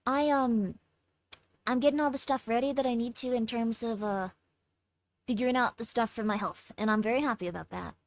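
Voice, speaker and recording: Tired young woman streamer, slightly high voice, chatty and halting, dry close mic. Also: no room sound. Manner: chatty, reads chat aloud, stumbles over words. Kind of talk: casual livestream chat.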